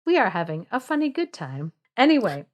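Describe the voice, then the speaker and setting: A young woman co-hosting a podcast, casually retelling a fairy tale with lots of fillers, laughter and animated asides. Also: mid-range voice, fairly quick. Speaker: podcast co-host.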